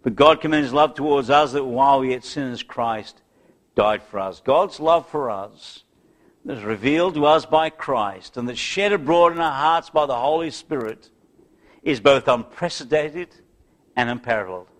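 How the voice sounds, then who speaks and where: A man preaching an evening sermon, building to loud emphatic peaks and sinking to a hushed, soft close, with old-fashioned biblical phrasing. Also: mid-range voice, expressive, normal speed.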